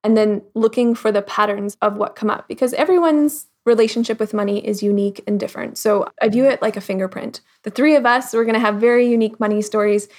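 A woman guest in a casual interview, talking reflectively with lots of "like" fillers and acting out the thoughts she quotes in lively voices. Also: mid-range voice, fast, few pauses. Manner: frequent "like" fillers. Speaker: podcast guest.

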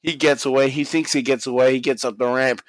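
A man excitedly recapping a wrestling match in casual chat, swearing a lot and acting out the wrestlers' lines. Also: medium pitch, quick pace. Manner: animated, swears constantly, acts out quotes. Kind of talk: casual profane play-by-play recap.

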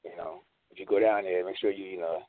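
A man co-hosting a casual online radio talk show, telling a rambling story and breaking into high laughs. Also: steady tone, fast talker, dry recording. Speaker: co-host. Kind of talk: casual panel chat. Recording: tinny phone-like online call.

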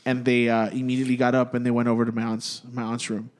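A man's voice: mid-range voice, monotone, fast talker. Rambling, profane young man telling a story. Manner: rambling and profane, peppered with "dude" and restarts. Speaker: storyteller among friends. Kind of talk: casual chat, telling a spooky story.

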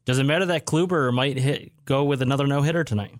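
A man's voice: medium pitch, quick pace, no room sound. A man co-hosting a casual sports talk show, asking questions in a brief, dry, matter-of-fact way.

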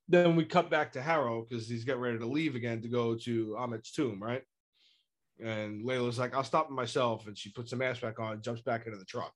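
Animated man recapping a show. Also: mid-range voice, normal speed. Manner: animated, acts out quotes. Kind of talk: casual recap chat.

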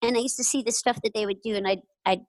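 A woman's voice: fairly high pitch, fairly even intonation, quick pace, no room sound, rough recording. A woman in an interview, telling stories in a chatty, casual way, with lots of "like" and "you know" and frequent laughter. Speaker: interview guest. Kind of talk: casual storytelling.

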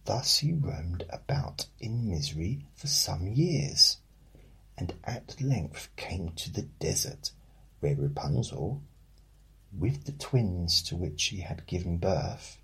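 A man with a deep, gravelly voice reads a fairy tale at an unhurried pace. His tone is husky and rough, and he drops in deadpan comic asides. The delivery feels like a bedtime story with a wink. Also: poor audio. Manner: deadpan, joking.

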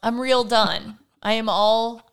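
A woman in her thirties hosting a podcast, telling a story in an animated rant full of swearing and sarcastic mock quotes. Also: on the high side, takes it slowly, clean tone. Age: 30s. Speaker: podcast host. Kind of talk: casual storytelling chat.

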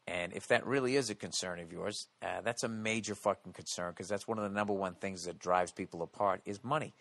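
A man's voice: deep voice, a little fast, vocal fry, fairly bright tone, no room sound. A man hosting a podcast, ranting bluntly and swearing constantly. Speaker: podcast host. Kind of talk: profane casual podcast rant.

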